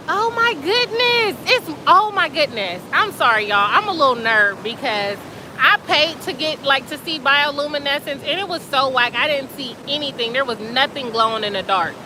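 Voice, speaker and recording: A woman hosting a casual live stream outdoors by the sea at night, chatting and reading comments in an excitable, slangy way. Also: high-pitched, moderate pace, low-quality recording. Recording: outdoor phone audio with surf and wind noise. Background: waves and wind.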